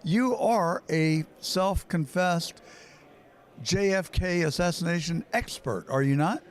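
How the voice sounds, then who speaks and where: Man presenter on location, fairly high voice, asks leading questions. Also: slow. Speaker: host and interviewer. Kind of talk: on-location interview. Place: hotel conference in a city.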